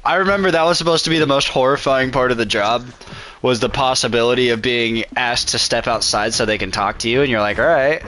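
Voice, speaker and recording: A man's voice: medium pitch, a little fast, bright, forceful tone, slight background noise. A young man chatting casually while gaming, slangy and laid back, saying bro and dude a lot. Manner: slangy, says bro and dude often, laughs.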